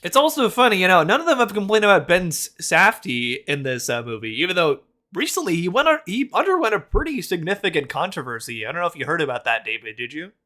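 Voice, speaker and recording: A man hosts a casual reaction chat with a bright, forceful voice that swings widely in pitch. He is blunt and mocking, swearing freely as he reacts. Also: very animated, fast, hardly any pauses. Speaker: host.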